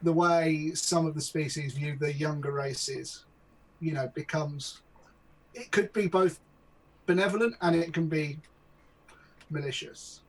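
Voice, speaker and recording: A man's voice: fairly high pitch, measured pace, long pauses, low-quality recording. A man hosting a casual discussion, thoughtful and a little hesitant, handing turns to the others. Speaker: host.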